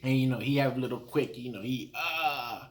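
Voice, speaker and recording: A man giving a casual recap of rap battles, talking in an animated way and acting out his own reactions. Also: mid-range voice, moderate pace.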